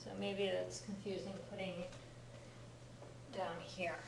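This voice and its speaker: Captured from afar in a reverberant classroom with background noise, this middle-aged Japanese language teacher speaks in a lowish, flat, slightly slow voice with vocal fry. She gives a patient lecture, often checking that her students keep up.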